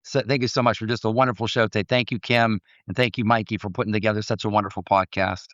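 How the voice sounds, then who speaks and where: A man's voice: lowish voice, steady tone, fast talker, a bit bright, no echo, lo-fi sound. A man hosting a mindset coaching podcast, telling stories in an earnest, preachy motivational talk.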